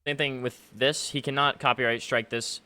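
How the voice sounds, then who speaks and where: Bright, clear-voiced ranting man. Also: medium pitch, level tone, normal speed. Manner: aggrieved, ranting, many fillers. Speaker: gaming YouTuber. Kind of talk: commentary to camera. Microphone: face cam setup.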